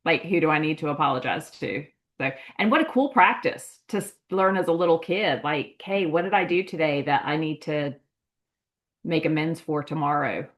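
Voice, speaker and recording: A woman's voice: sits low, moderate pace. A woman hosting a podcast, responding to her guest in an enthusiastic, affirming way during casual interview chat. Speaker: podcast host.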